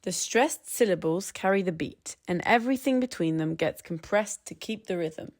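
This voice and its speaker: A woman narrating a scripted English pronunciation tutorial. She speaks in a calm, measured way and slows down to demonstrate sounds. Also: on the low side.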